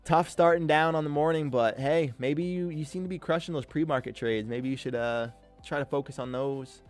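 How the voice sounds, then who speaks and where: A man's voice: fairly high pitch, moderate pace, soft background music. Hype male day-trading streamer. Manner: hype, calls viewers "King", slangy and upbeat. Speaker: day-trading livestream host. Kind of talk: casual live-stream chat, reading viewer comments.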